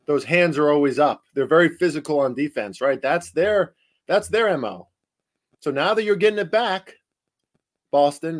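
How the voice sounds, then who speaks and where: Male podcast host with a New Jersey accent: emphatic, chatty solo sports betting talk, mid-range voice. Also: medium pitch. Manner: emphatic, rhetorical, chatty with fillers.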